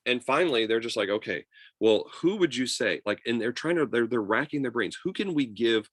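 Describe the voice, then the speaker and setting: A man teaching a history class over a video call, lively and chatty, acting out quotes with many fillers. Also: mid-range voice, a little fast, no room sound. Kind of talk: online class lecture.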